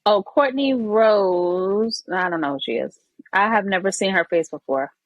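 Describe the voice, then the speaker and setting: A woman's voice: mid-range voice, a little slow, no echo, lo-fi sound. A woman with a New York accent from the Bronx, co-hosting a podcast in a playful, slangy casual chat. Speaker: podcast co-host.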